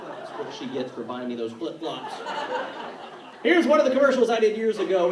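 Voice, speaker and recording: A man from North Carolina doing a stand-up comedy set, with a quick, punchy delivery and put-on voices. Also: high-pitched, very animated, a loud crowd, heavy background noise. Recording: echoey room, mic from a distance.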